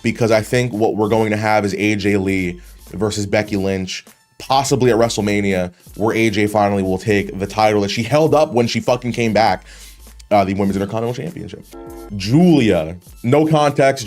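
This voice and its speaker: A man's voice: lowish voice, a little mellow. A man giving casual, rambling reaction commentary on wrestling clips, swearing freely and laughing often.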